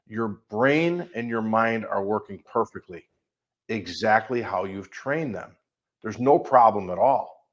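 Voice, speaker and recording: A middle-aged life coach with a Midwestern American accent talks through a coaching call in a somewhat low voice. He is emphatic and builds his points from long, repeated lists. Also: animated, unhurried, dull audio.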